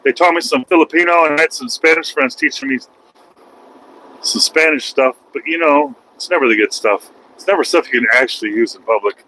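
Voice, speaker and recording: A man's voice: on the high side, brisk, sharp tone, a little hiss or hum, low-quality recording. A man vlogging while driving his truck, rambling in a folksy, self-mocking way. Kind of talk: casual driving vlog. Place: truck cab on highway.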